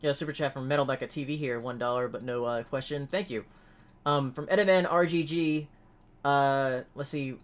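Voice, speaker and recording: A man's voice: medium pitch, fairly even intonation, normal speed. A man co-hosting a casual podcast, reading viewer messages in an easygoing way. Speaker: podcast co-host reading super chats. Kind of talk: casual chat.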